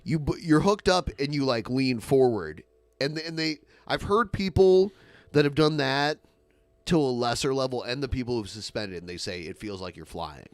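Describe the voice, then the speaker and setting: A man's voice: moderate pace, no room sound. Midwestern guy chatting on a podcast, voice jumps all over, dry close sound. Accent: Midwestern American. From American Midwest. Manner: rambling, lots of fillers, lively swings in pitch. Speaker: podcast co-host. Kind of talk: casual chat.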